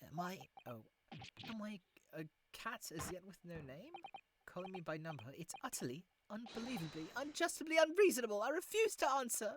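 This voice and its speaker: Guy doing a jumpy dramatic prisoner dude in a video game, whispers then goes big, pitch all over the place. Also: lively intonation, normal speed, a bit bright, a little hiss or hum. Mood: indignant. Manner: theatrical, swings from whispers to outbursts. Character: paranoid dramatic young Japanese male prisoner.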